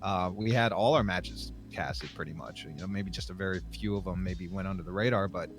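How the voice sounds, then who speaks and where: A man's voice: low voice, fairly quick, soft background music. A man talking casually on a podcast, reflective and rambling with many fillers.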